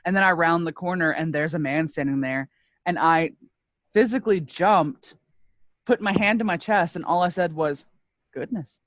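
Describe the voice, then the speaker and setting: A woman's voice: on the low side, normal speed, dry recording. A woman co-hosting a podcast, telling a story in a casual, self-mocking way and laughing often. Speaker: podcast co-host. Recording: muffled lo-fi dry mic.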